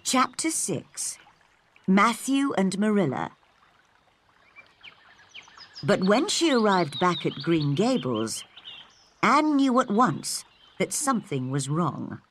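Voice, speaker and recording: A woman narrating a graded storybook for English learners in a slow, clear, measured way. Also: medium pitch, sing-song, a bit bright.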